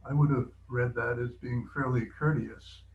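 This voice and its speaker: A man's voice: mid-range voice, steady tone, moderate pace, a little hiss or hum. A man speaking up from the audience of a video call, hesitant and restarting his phrases. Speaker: audience member. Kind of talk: question-and-answer over a video call. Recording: dull lo-fi video call audio.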